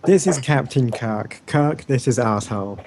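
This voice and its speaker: A man's voice: mid-range voice, animated, unhurried, background noise. Teasing, giggly man at a game table. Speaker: player. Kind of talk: casual tabletop role-play chat.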